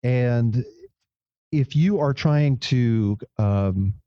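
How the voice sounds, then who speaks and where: A man's voice: mid-range voice, very slow, mellow, no room sound, lo-fi sound. A man co-hosting a podcast, reflecting aloud in casual chat with many restarts. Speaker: podcast co-host.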